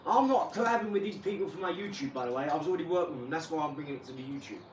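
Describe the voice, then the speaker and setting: A man with a fairly high, lively voice races through a casual vlog as the channel's host, rambling and speaking bluntly. He swears, then apologizes. He sits far from the mic in an echoey room, with clear background noise.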